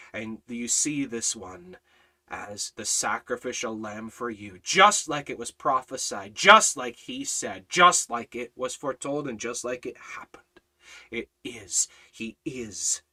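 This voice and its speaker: A man leading a Bible study as a sermon, dropping to hushed low passages and building to loud, high-pitched preaching. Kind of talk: impassioned sermon.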